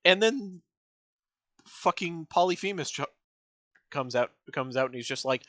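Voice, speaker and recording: A man's voice: fairly high pitch, animated, measured pace, long pauses, sharp tone, no echo. A man streaming a reaction to a musical, rambling through casual commentary with lots of fillers and acted-out quotes.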